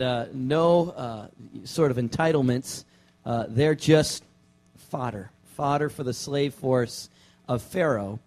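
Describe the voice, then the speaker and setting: A man, a pastor, preaching a casual sermon to his church, relaxed and joking, with many fillers and restarts. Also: a little high. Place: church sanctuary.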